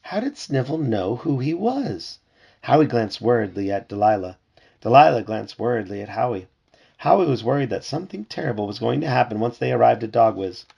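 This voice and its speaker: A father reads a children's storybook aloud at home, with a gravelly, slightly husky voice. He reads with lively expression and slips into voices for the characters. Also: mid-range voice, fairly quick, dull audio.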